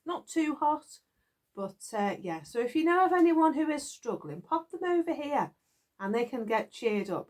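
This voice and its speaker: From a garden shed in the United Kingdom, a knitting vlogger talks informally with her audience, giggling often. Her pitch is lively and her manner chatty.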